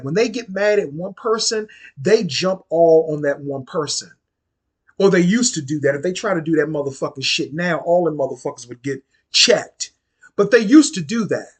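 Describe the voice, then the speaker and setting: A husky, slightly breathy man in his forties with a D.C. tells a personal story to camera. His pitch swings up and down a lot as he talks, blunt and profane, hammering points home by repeating them. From Washington, D.C. area. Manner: blunt, profane, emphatic, repeats phrases for stress. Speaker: vlogger. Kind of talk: casual storytime monologue.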